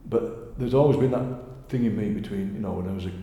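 A man with a Yorkshire accent, a poet telling stories in a lively, chatty interview. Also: on the low side, a little fast, slight background noise. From Yorkshire, England. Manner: chatty, animated storyteller, often laughing. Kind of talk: conversational interview. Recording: echoey room with long reverb.

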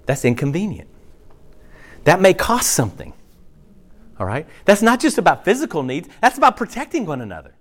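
A middle-aged man, a pastor, preaching a sermon in an animated, conversational way, often checking in with his listeners. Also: high-pitched, fairly quick, pauses often.

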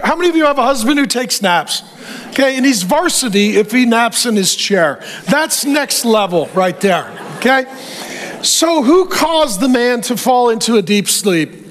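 Middle-aged pastor, very high voice, animated and comic sermon delivery. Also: male voice. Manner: animated, joking, acts out quotes. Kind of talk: humorous sermon.

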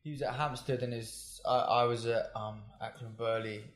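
A man's voice: mid-range voice, fairly even intonation, moderate pace, soft background music. Rambling man in a roomy room. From north London. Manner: rambling, hesitant, lots of fillers. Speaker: guest. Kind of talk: casual interview chat. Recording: roomy echo.

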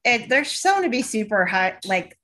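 Animated young woman, casual podcast guest. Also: on the high side, normal speed. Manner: animated, swearing, filler-heavy, acts out voices.

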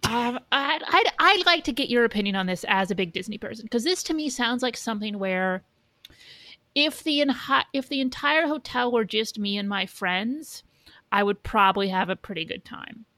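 A woman's voice: fairly high pitch, expressive, moderate pace, sharp tone, no room sound. Woman, podcast co-host, blunt, swears a lot, casual chat, dry close sound.

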